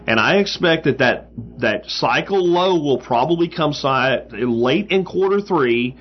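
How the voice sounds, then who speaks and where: A man's voice: fairly high pitch, animated, a little slow, husky. A man hosting a show talks casually through listener mail. He uses plenty of fillers and breaks into emphatic asides. The recording is a bit dull and lo-fi. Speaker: podcast host. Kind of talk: casual advice talk answering listener mail.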